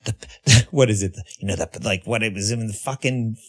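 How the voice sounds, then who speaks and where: A man talking as a podcast guest in casual conversation, animated, swearing freely and restarting his sentences often. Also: on the low side, moderate pace.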